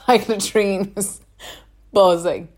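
In a mid-range, darkish voice with a steady tone, a young podcast co-host tells a long story very slowly. Her manner is chatty and casual, sprinkled with "like" and frequent laughter.

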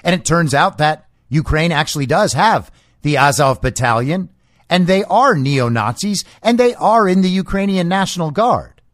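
Guy doing sarcastic political commentary, pitch jumps around a lot, dry close sound. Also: lively intonation, moderate pace, a bit bright, no room sound. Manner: sarcastic, mocking. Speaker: podcast host. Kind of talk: political commentary reading and mocking news quotes.

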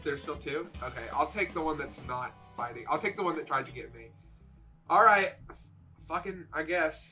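Male player, sharp bright tone, slightly high, jokey and halting. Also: soft background music. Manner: hesitant, joking, thinks aloud with fillers. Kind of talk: casual tabletop game chat.

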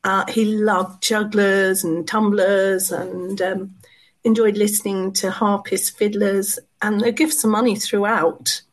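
A hoarse woman historian, a podcast guest, answering in an earnest, explanatory way. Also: mid-range voice, little pitch movement, slow pace. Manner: earnest, explanatory, with small laughs. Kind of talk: interview answers.

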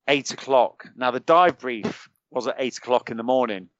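With a British accent and a mid-range, slightly bright voice at moderate speed, a middle-aged former soldier guests on a podcast, telling a long, colloquial tale and mimicking the people in it. The recording is dry and a little dull, with no echo.

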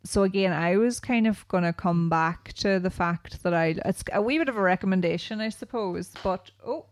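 A woman's voice: medium pitch, moderate pace, dry recording. A woman in her thirties with a rural Irish accent, co-hosting a podcast and telling stories in a chatty, casual way. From Ireland. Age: 30s. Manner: chatty, storytelling with lots of "like" and "right?". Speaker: podcast co-host. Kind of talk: casual chat.

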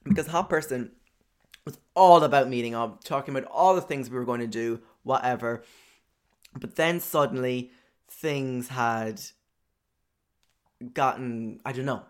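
A man's voice: medium pitch, unhurried, long pauses. A young man casually telling a personal story, chatty and profane, with lots of filler words.

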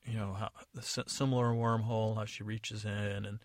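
A man's voice: lowish voice, flat delivery, normal speed, no room sound. A man from the United States improvising a story in a casual, rambling, digressive way. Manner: rambling, digressive, many fillers. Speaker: podcast storyteller.

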